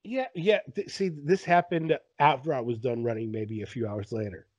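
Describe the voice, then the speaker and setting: A man in his thirties chatting casually on a podcast, telling rambling, animated stories full of fillers. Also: medium pitch, moderate pace, no room sound. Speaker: podcast guest.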